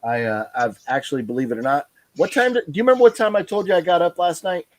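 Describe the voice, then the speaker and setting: A man's voice: fairly high pitch, animated, fast, no echo. A tired man hosting a casual live stream, talking in a rambling way with lots of fillers and restarts. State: tired, yawning.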